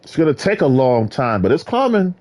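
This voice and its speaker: A man rambling in a solo vlog monologue, jumping between topics and bursting into sudden excited exclamations. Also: fairly high pitch, a little fast. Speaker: vlogger.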